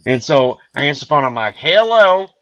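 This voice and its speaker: A man's voice: mid-range voice, steady tone, fast, fairly bright tone, no echo, muffled recording. An American man on a panel show, telling a crude story casually and putting on voices for the people he quotes. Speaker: podcast panelist.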